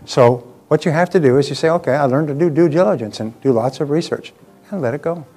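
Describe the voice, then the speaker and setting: A man's voice: on the high side, fast, warm tone, breathy edge, faint music behind. A man giving a live motivational seminar talk, emphatic and repeating key phrases for effect.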